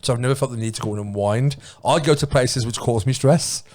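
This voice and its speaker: A man co-hosting a podcast in casual chat, with quick laughing interjections and a wry, offhand humour. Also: mid-range voice, darkish tone. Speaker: podcast co-host.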